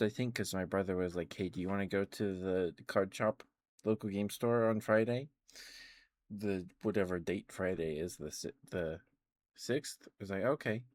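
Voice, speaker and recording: A young man talks in a soft, sleepy ASMR murmur. His voice sits a little low, and his words come slowly. He rambles gently, drifting from one thought to the next. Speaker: ASMR streamer.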